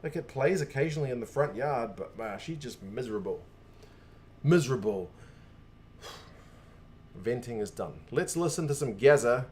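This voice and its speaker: A man's voice: medium pitch, lively intonation, moderate pace, pauses often, a little mellow, a little hiss or hum. A man hosting a stream, venting in casual chat with sarcastic asides. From New Zealand. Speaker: stream host.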